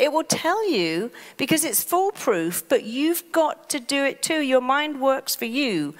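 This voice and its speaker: A middle-aged woman teaches a motivational lesson, her voice carrying a long reverb as if spoken in a large hall. She talks briskly and animatedly, switching into quick, panicky voices to act out what an anxious mind says. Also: medium pitch. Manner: lively, acts out panicked inner voices. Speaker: therapist and speaker. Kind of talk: motivational talk.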